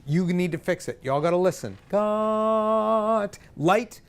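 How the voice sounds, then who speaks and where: High-voiced man coaching a singing group. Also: fast. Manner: energetic, directive, joking with participants. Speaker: vocal coach. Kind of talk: leading a live group singing workshop.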